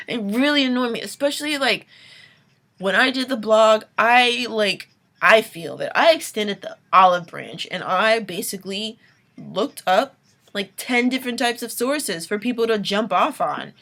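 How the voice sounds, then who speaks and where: A woman's voice: a little high, animated, unhurried, pushed and bright. A young adult woman vlogging a late-night rant, exasperated, with sighs and whispered asides.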